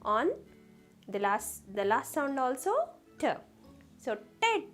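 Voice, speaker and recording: Soft background music accompanies a lively, high-voiced female kindergarten teacher leading a phonics lesson for young children. She's slow and deliberate, sounding out letters and asking the kids questions.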